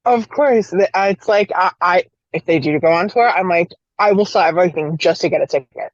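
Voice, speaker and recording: A woman's voice: fairly low pitch, a little fast, dry recording. Podcast guest, a woman in her forties, eager, on a dry, slightly dull line. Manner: enthusiastic, swears casually. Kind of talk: casual chat.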